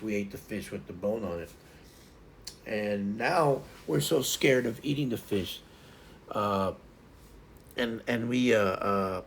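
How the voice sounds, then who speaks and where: A gravelly, fairly low-pitched middle-aged man hosts a casual stream, talking to viewers and rambling through repeated words and fillers. A little hiss or hum sits in the audio.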